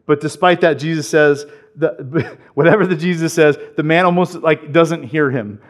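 Animated preacher man. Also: on the high side, moderate pace. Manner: animated preaching, acting out quoted voices. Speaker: pastor. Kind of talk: sermon.

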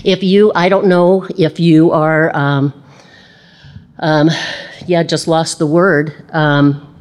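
A woman's voice: low-pitched, fairly even intonation, slow, darkish tone. Chatty woman teaching a Bible lesson. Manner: chatty, laughs and acts out quoted voices.

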